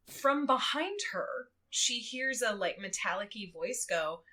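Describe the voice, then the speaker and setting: A woman guesting on a podcast, recapping a book in casual chat, animated and giggly as she tells it. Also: on the high side, unhurried. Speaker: guest co-host.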